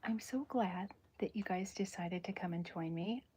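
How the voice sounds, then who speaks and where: A woman chatting in a soft-spoken, whispery way during an ASMR drawing livestream, rambling and correcting herself as she goes. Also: on the low side, normal speed, slight background noise. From American South. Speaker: cartoonist streaming live.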